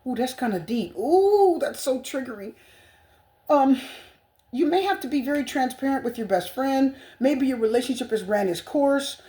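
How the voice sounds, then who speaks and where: A woman with a twang reads tarot cards for her viewers in a gushing, spiritual way, circling back over the same words again and again. Her voice sits a little on the high side. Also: animated, moderate pace, warm tone. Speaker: tarot reader.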